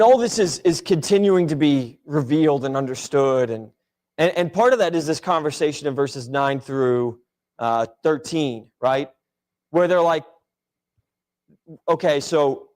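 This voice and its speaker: A man's voice: on the high side, normal speed, darkish tone. A man leading a casual Bible class discussion in a church classroom, talking in a loose, rambling way with many fillers and restarts.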